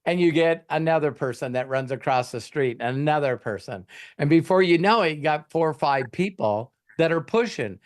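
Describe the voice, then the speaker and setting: A man telling a motivational story as a host answering a member's question, animated, acting out bystanders' lines in quick voices. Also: a little high.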